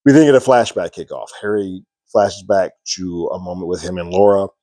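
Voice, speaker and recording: A man's voice: low voice, a little fast, mellow, no room sound. A man reviewing a TV episode in a casual, rambling recap full of "sort of" and "like". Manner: rambling, many "sort of" and "like" fillers.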